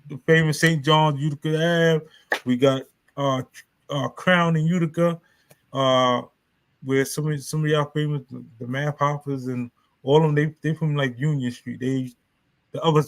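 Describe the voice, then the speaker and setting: A man's voice: on the high side, rough recording. A man, hosting a live stream and telling his story in a loose, rambling way full of street slang. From New York. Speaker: author and live stream host.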